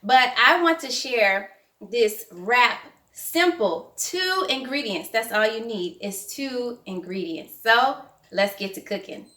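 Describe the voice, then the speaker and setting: A woman's voice: on the high side, lively intonation, takes it slowly, pushed and bright, echoey room. A woman with a Southern accent, giving a chatty, encouraging home cooking demonstration and often repeating her phrases. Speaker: cooking instructor. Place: home kitchen.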